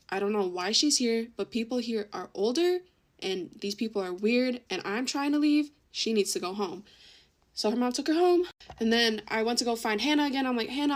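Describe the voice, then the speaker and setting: A late-teen woman telling a rambling story in casual chat, swearing a lot and saying "like" often. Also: a little high. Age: late teens. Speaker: TikTok storyteller.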